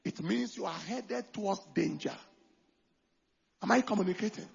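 A man preaching a sermon as pastor, swinging from quiet talk to loud calls for the congregation to answer. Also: high voice, moderate pace, gravelly, pauses often, slightly rough, highs cut off.

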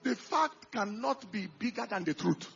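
A male pastor preaching a sermon, swinging from quiet asides to loud emphatic bursts and acting out the people he quotes. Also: sits high, animated, normal speed, gravelly, lo-fi sound, faint music behind.

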